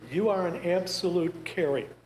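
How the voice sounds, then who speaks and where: Brief: male presenter, fairly high voice, wry and conversational, echoey room with faint hiss. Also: moderate pace, darkish tone. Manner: wry, conversational, joking asides. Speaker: grief presenter. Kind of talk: talk to a group. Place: church meeting room.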